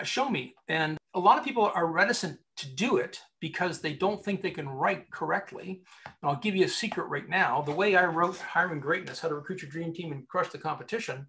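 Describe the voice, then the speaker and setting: A man who works as a recruiter and author, telling stories emphatically as a guest in an interview. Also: on the high side. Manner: animated storyteller, emphatic. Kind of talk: conversational interview.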